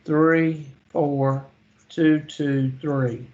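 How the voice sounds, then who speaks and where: A man's voice: fairly high pitch, little pitch movement, darkish tone, lo-fi sound. A man teaching a math lesson, drowsy and yawning, methodically reading numbers and calculator steps one by one. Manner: slow, methodical, reads digits one by one. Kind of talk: calculator walkthrough lecture.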